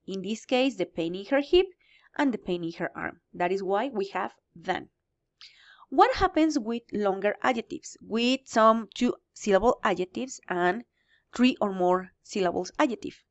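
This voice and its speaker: A woman's voice: fairly high pitch, a little mellow, highs cut off. A woman teaching English grammar in a recorded lesson, explaining step by step and answering her own questions.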